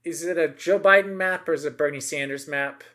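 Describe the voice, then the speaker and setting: A man's voice: a little high, brisk, bright, forceful tone. A middle-aged man co-hosting a podcast, chatting casually and emphatically about politics, with many asides and tag questions.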